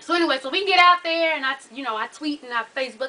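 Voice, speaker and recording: A woman telling a long story in casual, animated, profane vlog style, acting out the lines of people in it. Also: sits high, fast talker, far from the mic, slight background noise, low-quality recording. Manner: animated, profane, with vivid re-enacted dialogue.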